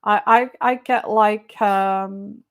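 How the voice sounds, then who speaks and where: A woman's voice: medium pitch, steady tone, slow. A woman doing a live-stream tarot reading. She greets viewers by name and repeats their questions aloud in a chatty way. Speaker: tarot reader.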